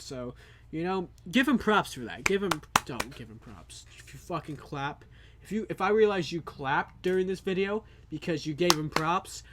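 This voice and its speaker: Crude rambling comic reaction host. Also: male voice, on the high side, background noise. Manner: crude, rambling, loud joking. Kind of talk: profane comic commentary.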